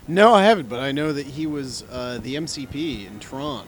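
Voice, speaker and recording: A man's voice: fairly high pitch, sing-song, moderate pace, vocal fry, slight background noise. A man co-hosting a podcast in casual chat, dry and playful, with wordy explanations. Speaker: podcast co-host.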